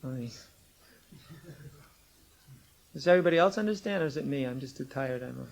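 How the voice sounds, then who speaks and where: A man's voice: fairly quick, creaky, rough recording. A man lecturing a class, teasing and arguing with students and pressing his point with emphatic insistence, on an old cassette tape recording. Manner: teasing, argumentative, rises to emphatic high-pitched insistence.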